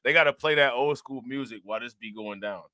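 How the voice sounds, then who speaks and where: A man's voice: medium pitch, quick pace, noisy background. A man hosting a reaction channel, talking casually and firing rhetorical questions at his viewers. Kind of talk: casual commentary.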